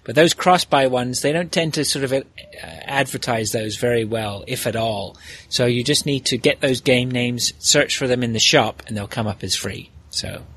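A man's voice: mid-range voice, normal speed, hardly any pauses, fairly bright tone, slightly rough. A man hosting a casual podcast, chatty and rambling, with frequent fillers and restarts. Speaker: podcast host.

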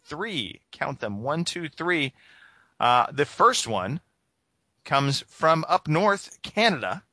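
This gaming podcast host jokes around in a casual, rambling chat packed with fillers. His voice is slightly high and sing-song, with a sharp tone and an unhurried pace, and the recording has no echo.

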